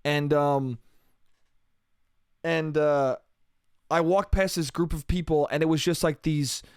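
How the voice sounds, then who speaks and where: Young dude rambling on his solo podcast, cussing a lot, kinda high smooth voice, dry close mic. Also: fairly even intonation, takes it slowly, no echo. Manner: rambling, profane, laughs at himself. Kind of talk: casual comedic monologue.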